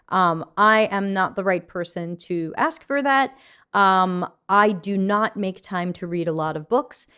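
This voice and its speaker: A woman's voice: medium pitch, smooth. A middle-aged woman hosting a casual livestream Q&A, chatting loosely and reading viewer comments aloud. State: yawning, still waking up. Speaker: livestream host.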